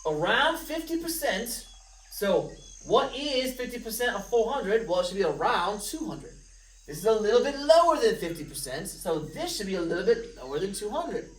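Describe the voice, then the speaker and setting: A woman's voice: mid-range voice, very animated, moderate pace. A woman teaching a recorded math review lesson, walking through problems step by step with playful, jokey asides to students. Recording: roomy, from a distance of the mic.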